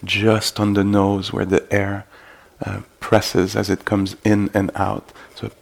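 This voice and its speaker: Man, gravelly and flat, halting dharma talk. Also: on the low side. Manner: halting, full of fillers and gentle asides. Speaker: meditation teacher. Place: meditation retreat hall.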